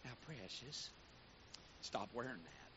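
Guy putting on a soft syrupy southern church lady, sweet but blunt, dull tape w/ a little hiss. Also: lowish voice, sing-song, takes it slowly, voice pushed down, full character voice. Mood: gently scolding.

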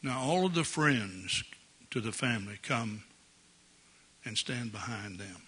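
A man's voice: mid-range voice, expressive, measured pace, pushed and bright, slightly rough. An older man preaching a sermon as pastor in a church, folksy and jovial, chuckling often. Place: church sanctuary.

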